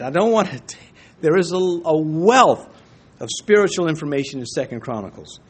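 Folksy preacher man, higher voice. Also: husky. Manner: folksy, joking asides, many restarts. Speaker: pastor. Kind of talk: conversational Bible teaching.

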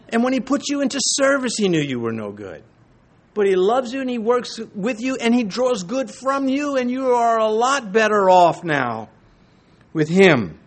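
A man preaching a sermon, conversational and emphatic, reading scripture and chuckling now and then. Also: high voice. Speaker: pastor.

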